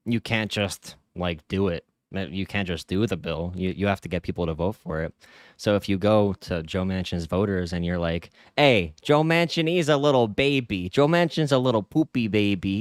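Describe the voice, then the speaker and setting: A man's voice: low-pitched, dry recording, clean studio sound. A man giving casual political reaction commentary, rambling with lots of fillers. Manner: laid-back, rambling, frequent fillers.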